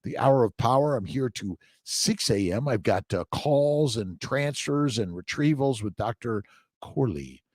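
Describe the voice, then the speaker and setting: A man's voice: medium pitch, lively intonation, measured pace, husky, no echo. An older man hosting a casual morning livestream, reading out viewer comments and talking in rambling bursts with emphatic repeats. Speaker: livestream host.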